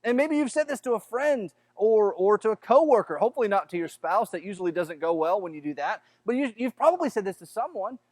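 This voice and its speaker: A man with a Southern American accent preaches a sermon in a conversational way, often stumbling over and repeating his words. His voice sits high for a man. The sound is close and dry, with almost no room echo. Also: big pitch swings, quick pace, hardly any pauses. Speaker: pastor.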